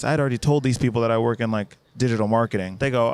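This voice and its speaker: A man from the United States casually telling a travel story, with many swings between low, quiet asides and high, excited bursts. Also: racing, hardly any pauses. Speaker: vlogger recounting a trip.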